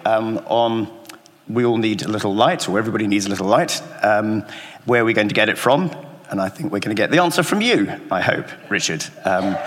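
A man's voice: fairly low pitch, fairly bright tone. A man leading a church service, introducing a guest speaker in a friendly, slightly hesitant way. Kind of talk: service announcement. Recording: reverberant church hall.

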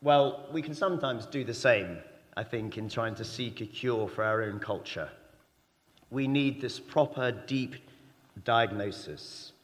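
A man preaching a sermon in a church, talking conversationally and asking the congregation rhetorical questions. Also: mid-range voice. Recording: long reverb of a church hall.

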